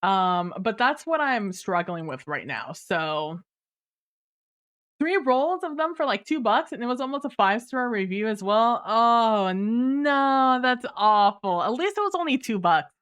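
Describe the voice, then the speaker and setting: A fairly bright, slightly high female voice swings widely in pitch at an ordinary speed. The speaker is a livestreamer at her home computer, casually going through viewer messages while laughing, apologizing, and filling her talk with fillers and restarts.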